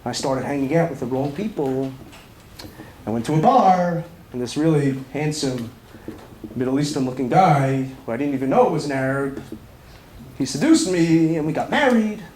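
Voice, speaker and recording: Man doing a quiet, confiding older mother. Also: on the high side, expressive, normal speed, pitched below the performer's own voice, natural voice. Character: older woman, a mother confessing her past calmly. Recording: echoey room with faint background noise.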